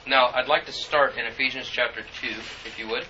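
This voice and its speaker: A man preaching a sermon, reading scripture and telling a personal story in an earnest, halting way with many fillers. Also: mid-range voice, steady tone, background noise. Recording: muffled, distant church recording.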